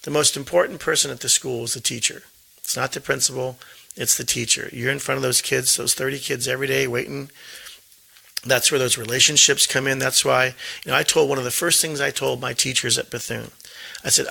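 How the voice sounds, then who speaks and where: A man's voice: medium pitch, steady tone, fairly quick, creaky, bright, forceful tone, husky, rough recording. A middle-aged man, a school principal, talking earnestly in an interview and often repeating words as he thinks. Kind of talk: casual interview talk.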